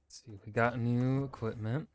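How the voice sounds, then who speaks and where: A man streaming a video game, giving relaxed, muttered commentary as he plays. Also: mid-range voice, moderate pace, a little hiss or hum. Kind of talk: casual let's-play commentary.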